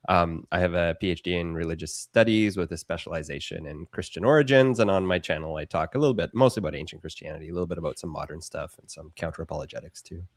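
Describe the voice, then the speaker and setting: Very deep-voiced playful man, dry sound. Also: fast talker, few pauses, no echo. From Canada. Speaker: religious studies scholar, guest. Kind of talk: casual chat.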